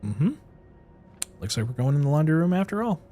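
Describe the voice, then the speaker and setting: This is a man talking his way through a video game, musing aloud and reading the notes he finds. His voice jumps around a lot in pitch, and soft game music hums in the background. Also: brisk. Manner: animated, thinks aloud and reads game notes aloud. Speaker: streamer. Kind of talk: casual gameplay commentary.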